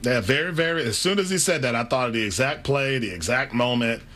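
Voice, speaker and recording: A man co-hosting a sports talk radio show, talking in an animated way. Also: mid-range voice, a little fast. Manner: animated, laughs easily.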